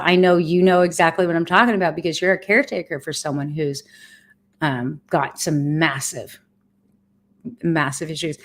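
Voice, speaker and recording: A woman in her fifties talking candidly to her viewers on a livestream, earnest, blunt and heartfelt. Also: low voice. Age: 50s. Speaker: vlogger sharing her cancer treatment.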